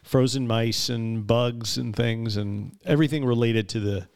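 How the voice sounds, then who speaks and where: A man in his fifties co-hosting a podcast, telling a story in a wry, unhurried way in casual chat. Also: medium pitch, fairly even intonation, a little mellow, clear, resonant tone. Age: 50s. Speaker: podcast co-host.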